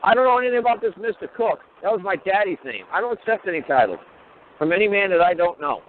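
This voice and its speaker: A man with a somewhat high voice talks bluntly, swearing freely and firing off one rhetorical question after another. He is heard over a tinny, phone-like line, as a speaker on a call-in talk show. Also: sing-song, fast, a little hiss or hum. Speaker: talk show guest lecturer.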